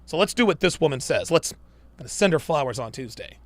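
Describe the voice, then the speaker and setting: Male live-stream host, profane, emphatic, preachy, high voice, dry close sound. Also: expressive, fast talker, no room sound. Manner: mocks women in put-on voices.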